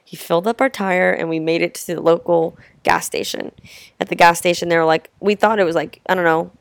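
A young woman vlogging about her travels, telling stories casually and warmly with lots of filler words. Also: fairly low pitch, fairly even intonation, brisk, vocal fry, no echo. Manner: chatty, heartfelt, lots of "like" fillers. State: tearful at times. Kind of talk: casual storytelling to camera.

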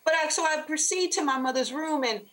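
Animated woman telling a heartfelt story. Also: sits high, a little fast, low-quality recording. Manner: animated, expressive storyteller, faith-filled. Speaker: author and guest. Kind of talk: emotional storytelling interview.

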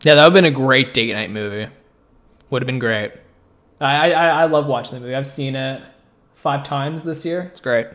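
A man co-hosting a podcast in casual chat, joking and rambling with quick asides. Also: medium pitch, a bit bright. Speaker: podcast co-host.

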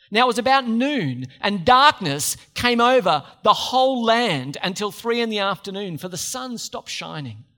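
A man's voice: very high-pitched, a bit bright. A man preaching a sermon, conversational, with joking asides to the congregation.

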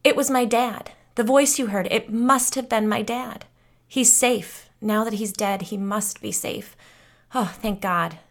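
A woman's voice: medium pitch, steady tone, moderate pace, fairly bright tone, voice pushed up, lightly acted. A woman voicing a frightened, frantic adult woman who speaks in a panicked, breathless, pleading way. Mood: relieved.

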